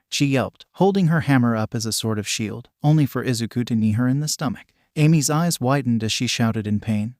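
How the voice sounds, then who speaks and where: A synthetic male narrator reads a story in a flat, mechanical way, sometimes spelling out punctuation. His pitch sits in the middle of the range, and the sound is dry and close. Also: no room sound. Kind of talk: text-to-speech reading of fan fiction.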